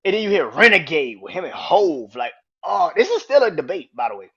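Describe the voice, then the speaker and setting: A young man hosting a podcast in a casual, excitable monologue, swearing freely and filling his talk with "like". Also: high voice, a little fast, slightly rough, lo-fi sound. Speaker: podcast host. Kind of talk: casual monologue about music.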